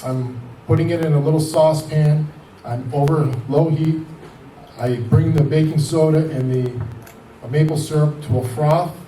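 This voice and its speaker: A man's voice: on the high side, fairly even intonation, unhurried, warm tone, roomy sound, distant mic, slight background noise, rough recording. A man in his fifties telling his own story in a rambling, conversational way, retelling conversations as "I says" and "he goes.". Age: 50s. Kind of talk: personal testimony.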